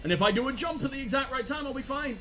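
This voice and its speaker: A man commentating on his own video game play, loud, sweary and self-mocking, breaking into panicked yells during fights. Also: very high-pitched, very fast, faint music behind. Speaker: gaming channel host.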